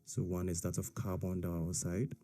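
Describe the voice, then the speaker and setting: Man, low voice, very dark mellow tone, science teacher explaining step by step. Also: normal speed. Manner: steady explaining, with frequent "all right?" and "okay?" checks. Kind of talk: explaining a lesson.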